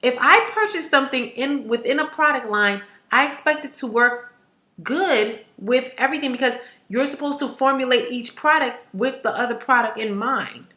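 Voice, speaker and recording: A woman hair vlogger chatting to camera in an emphatic, animated way, ranting and repeating herself for effect. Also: high voice, moderate pace. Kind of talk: casual to-camera chat. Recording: echoey room.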